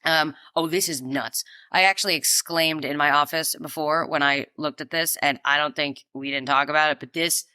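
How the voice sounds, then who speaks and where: A woman co-hosting a casual food podcast, playful and animated as she reads out debate topics. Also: deep voice, moderate pace, hardly any pauses, clean tone, no echo. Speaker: podcast co-host. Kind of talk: casual chat.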